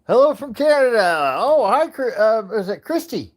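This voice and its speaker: Lively chatty man. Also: very high-pitched, moderate pace. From United States. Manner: rambling, friendly, restarts with many uhs. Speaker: livestream host. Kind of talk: casual livestream chat. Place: living room at home.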